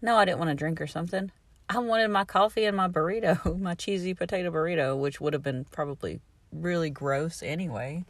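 A woman's voice: fairly low pitch, a little fast, dry recording. A middle-aged woman, telling everyday stories in a chatty, exasperated way and laughing between remarks. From Southern United States. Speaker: podcast host. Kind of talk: casual storytelling monologue.

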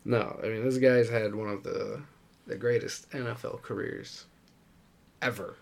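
A man's voice: on the low side, fairly even intonation, unhurried, creaky. A man co-hosting a podcast, chatting casually about sports, rambling and laughing often. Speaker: podcast co-host.

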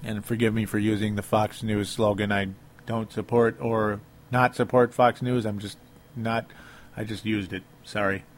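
Chatty sports talk host. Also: male voice, fairly low pitch, little pitch movement, moderate pace, a little hiss or hum. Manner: chatty, chuckling, reads listener comments aloud. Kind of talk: casual sports radio talk.

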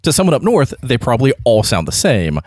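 A man co-hosting a podcast, chatting casually in an animated, rambling way. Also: medium pitch, brisk, no echo, studio quality. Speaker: podcast co-host. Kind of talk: casual chat.

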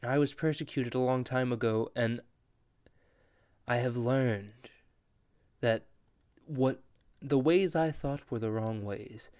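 A man voicing a grave, formal older male villain, speaking slowly and deliberately. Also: medium pitch, darkish tone, no room sound, studio quality, close to an everyday voice. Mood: solemn.

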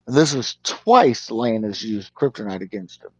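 A man chatting on a podcast, animated, retelling scenes and swearing a lot. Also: on the low side, moderate pace, slightly rough, muffled recording. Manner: animated storyteller, swears a lot, acts out characters' lines. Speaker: podcast co-host. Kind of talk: casual review chat.

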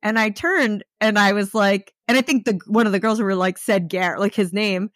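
A woman's voice: medium pitch, fairly quick, a bit bright, no room sound. Woman podcast co-host, chatty and rambling, dry close sound. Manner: chatty, lots of "like" fillers. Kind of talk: casual chat.

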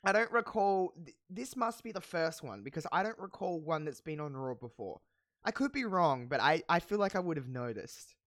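A podcast host casually recapping a wrestling show, telling it with animated, profane storytelling and frequent laughs. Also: medium pitch, normal speed, no room sound, clean studio sound. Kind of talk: casual chat.

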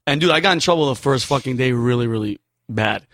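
A man in his thirties, a comedian guest telling stories in casual chat, animated and swearing, acting out voices. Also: mid-range voice, quick pace, no room sound, studio quality. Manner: animated storyteller, swears a lot, acts out quotes.

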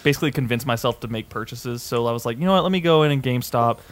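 A young man hosting a podcast, telling a story in an animated, swearing way and acting out both sides of an argument. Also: medium pitch, rapid-fire. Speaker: podcast host. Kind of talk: casual storytelling chat.

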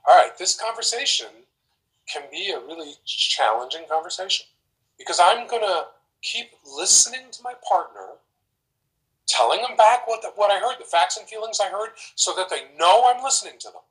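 A man giving relationship advice in a casual, animated way, acting out example conversations as he explains. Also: high voice, normal speed, low-quality recording. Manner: animated, acts out example dialogues.

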